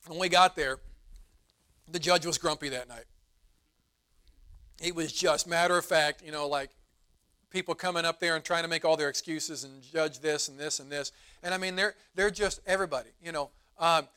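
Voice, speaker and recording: A middle-aged man, a pastor preaching a sermon in a church, telling a folksy story in a relaxed, conversational way. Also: a little high, normal speed, clean tone. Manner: rises to emphatic preaching. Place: church sanctuary.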